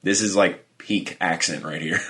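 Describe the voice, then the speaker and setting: A man's voice: low voice, steady tone, moderate pace, bright, forceful tone. A young man co-hosting a podcast, chatting casually with crude jokes and frequent laughter. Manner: crude, joking, laughs often. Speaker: podcast co-host. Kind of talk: casual chat.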